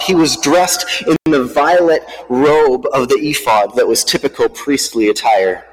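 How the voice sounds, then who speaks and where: A man preaching, telling a dramatic story in a vivid, measured way, recorded with a long hall reverb. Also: medium pitch.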